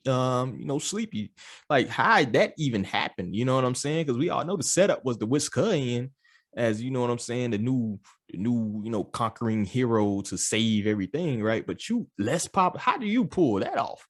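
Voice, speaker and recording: A man's voice: mid-range voice, fairly quick, dry recording, clean studio sound. A man hosting a podcast, chatting in a laid-back way and laughing along. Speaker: podcast host. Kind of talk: casual political chat.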